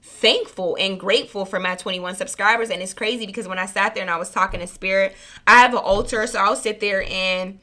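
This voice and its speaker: Bright-voiced woman talking earnestly. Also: medium pitch, fairly even intonation, fairly quick. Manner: rambling, earnest, self-correcting, colloquial. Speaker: spiritual reader and channel host. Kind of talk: casual heartfelt monologue to viewers.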